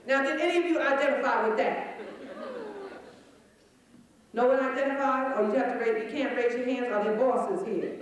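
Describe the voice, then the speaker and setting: A woman's voice: sits high, moderate pace, pauses often. A woman doing a stand-up comedy set in a chapel, brash and teasing the crowd, with lots of swearing. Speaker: stand-up comic. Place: chapel filled with a live audience. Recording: echoey, distant 1989 live recording. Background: audience laughter.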